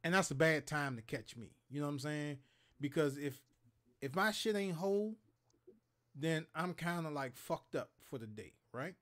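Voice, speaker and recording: A man's voice: on the high side, animated, moderate pace, fairly bright tone. A man in his thirties from Maryland, hosting a show and telling stories in casual, profane chat, acting out quotes and sound effects.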